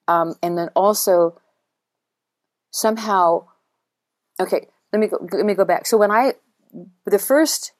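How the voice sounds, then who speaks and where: A middle-aged woman, a guest who teaches writing to veterans, speaking in a halting, searching way with many repeats and restarts. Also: medium pitch, dry recording. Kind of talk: emotional personal interview.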